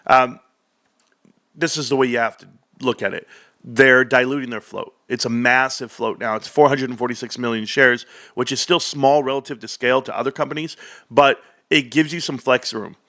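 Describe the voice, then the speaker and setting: A man's voice: medium pitch, steady tone, normal speed, bright, forceful tone. A man hosting a casual stock market livestream from home, chatting directly to his viewers. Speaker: livestream host.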